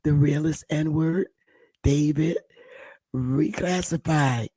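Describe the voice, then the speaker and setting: A woman hosting a casual livestream, hoarse while her voice recovers, talking softly and greeting viewers by name. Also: sits low, slow pace, dry recording. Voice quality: gravelly, husky. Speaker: livestream host.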